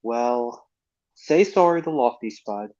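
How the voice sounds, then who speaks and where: A man's voice: medium pitch, animated, takes it slowly, darkish tone. Fan impression: a man voicing a kindly but firm cartoon builder, reproachful, lo-fi chat audio. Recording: lo-fi online voice chat.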